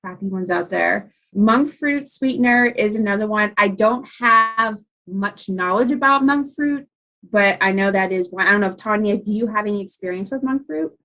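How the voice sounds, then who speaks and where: A woman's voice: medium pitch, moderate pace, a bit bright, rough recording. A woman with a South Central Pennsylvania accent, a guest on a casual podcast, explaining sugar choices in a friendly, practical way. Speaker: podcast guest, nutrition coach.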